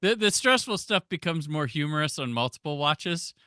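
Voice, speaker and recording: A man's voice: on the high side, expressive, normal speed, sharp tone, smooth, no room sound. A man hosting a movie podcast, easygoing and a bit hesitant, with "um" and repeated words, recorded close on the mic. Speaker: podcast host. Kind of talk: casual movie-review chat.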